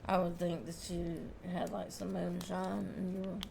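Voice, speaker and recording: A woman's voice: fairly low pitch, level tone, normal speed, creaky, over a noisy crowd. A woman co-hosting a casual reaction stream, teasing and playful. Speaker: streamer co-host.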